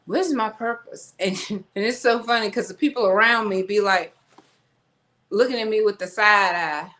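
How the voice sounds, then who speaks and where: A woman's voice: medium pitch, normal speed, bright, forceful tone. Chatty woman vlogging at home. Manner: chatty, rambling, talks to viewers as y'all. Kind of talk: casual chat while unpacking groceries. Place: at home, kitchen. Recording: echoey room, faint noise.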